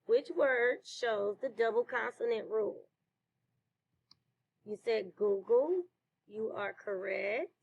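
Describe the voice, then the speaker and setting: A woman teacher leading a slow phonics lesson for children, praising answers. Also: on the high side, phone-quality sound. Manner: slow, clear classroom delivery with praise.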